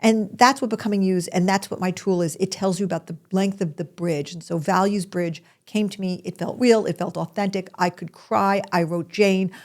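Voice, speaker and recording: A woman's voice: mid-range voice, fairly even intonation, normal speed, few pauses, a little mellow. A woman hosting a podcast, telling a personal story in a chatty, rambling way with asides and restarts. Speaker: podcast host.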